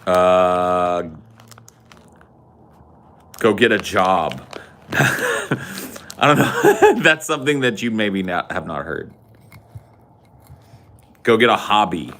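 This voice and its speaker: A man's voice: low-pitched, expressive, measured pace, pauses often, fairly bright tone. A man hosting a podcast in casual chat, joking, swearing a lot and laughing often. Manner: profane, jokey, laughs often. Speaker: podcast host.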